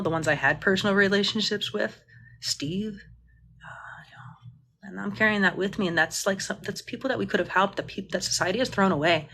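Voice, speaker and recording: A woman's voice: mid-range voice, fairly quick, fairly bright tone, a little hiss or hum. A woman mutual aid organizer on a phone livestream, talking passionately and indignantly, swearing freely and rambling with restarts. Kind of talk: livestream Q&A rant.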